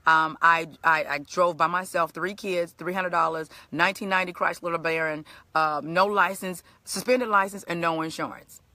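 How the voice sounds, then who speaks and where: Woman, middle-aged, bright forceful voice, animated, conversational, preacherly storytelling. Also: lowish voice, normal speed, few pauses, no echo. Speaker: motivational speaker. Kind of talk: storytelling live stream talk.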